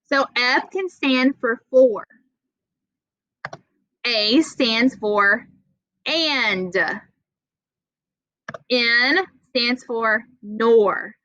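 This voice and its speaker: A young adult woman teaching an online writing class, patient and encouraging, reading example sentences slowly. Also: on the high side, pushed and bright, dry recording, highs cut off. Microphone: video call.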